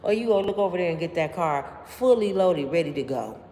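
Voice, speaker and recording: A woman hosting a livestream, telling stories straight to her viewers in an animated, slangy way. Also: lowish voice, a little fast. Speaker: livestream host. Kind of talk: casual storytelling to live viewers. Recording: long room reverb, faint background noise.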